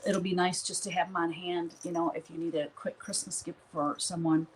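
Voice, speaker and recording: A woman with a fairly low voice chats casually as she hosts a live stream from her studio. Her talk rambles from one thing to the next, and she laughs often along the way. A faint noise sits under her voice. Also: level tone, fairly quick, poor audio. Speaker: artist hosting a live stream.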